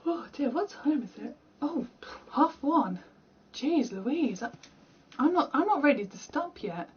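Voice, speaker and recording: Sitting high with big swings in pitch, her unhurried voice comes through dull audio. The speaker is a young British woman streaming a game from home, chatty and rambling, laughing at her own expense.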